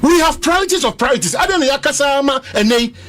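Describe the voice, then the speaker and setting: A man's voice: very high voice, animated, fast talker, fairly bright tone, slight background noise. A Ghanaian man and political commentator arguing heatedly in a panel debate, insistent and talking over the others.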